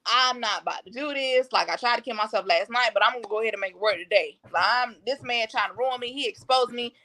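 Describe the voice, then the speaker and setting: A woman's voice: on the high side, fast, bright, forceful tone. A woman guest on a podcast, candidly recounting a personal story in blunt, slangy, matter-of-fact talk.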